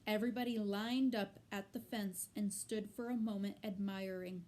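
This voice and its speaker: A woman reading a children's novel aloud with slow, deliberate narration. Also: medium pitch, steady tone, darkish tone. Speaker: reader.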